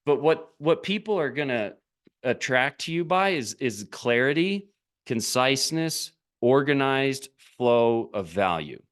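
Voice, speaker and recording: A man's voice: mid-range voice, unhurried. A man giving a business coaching talk straight to camera, urging his viewers and firing off rhetorical questions. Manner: animated, urging, asks many rhetorical questions.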